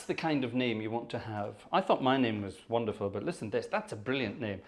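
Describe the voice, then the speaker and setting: A man with a medium-pitched voice hosts a casual organ livestream from his upstairs room at home, talking briskly with hardly any pauses. Chatty, jokey, and animated, he thanks viewers by name, picked up on a room microphone.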